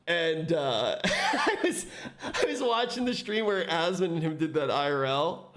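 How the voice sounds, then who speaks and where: Reacting to a video during a laid-back stream, this man spins lively stories full of laughter and cursing. He talks unhurriedly in a slightly high voice.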